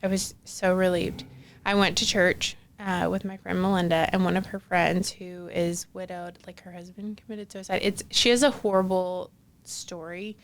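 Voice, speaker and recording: A woman, in her forties, telling a personal story as a podcast guest in an animated, chatty way with lots of fillers. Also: fairly low pitch, normal speed. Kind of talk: casual conversational storytelling.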